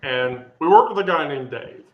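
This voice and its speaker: Man, rambling storyteller, chatty podcast co-host, fairly high voice. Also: moderate pace, muffled recording. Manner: rambling, animated, many fillers and restarts. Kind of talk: casual storytelling. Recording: echoey room.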